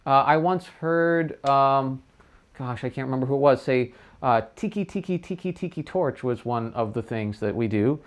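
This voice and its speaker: A man's voice: mid-range voice, steady tone, normal speed, clear, resonant tone. A middle-aged man teaching trumpet tonguing in a casual livestream lesson, chatting loosely and sounding out syllables.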